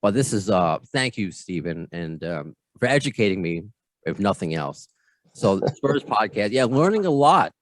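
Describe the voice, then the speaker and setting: A man's voice: on the low side, sing-song, moderate pace, dry recording. An American man hosting a podcast interview over a video call, chatty and self-deprecating, often repeating his words. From United States. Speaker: podcast host.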